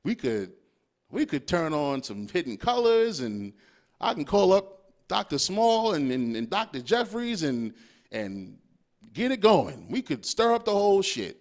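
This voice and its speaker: A young man with a high, lively voice holds forth in a loose, swearing podcast monologue. His pitch jumps all over as he fires off rhetorical questions and riffs on whatever comes to mind. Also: a little slow. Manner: animated, swearing freely, riffing with rhetorical questions. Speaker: podcast host. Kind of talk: profane casual monologue.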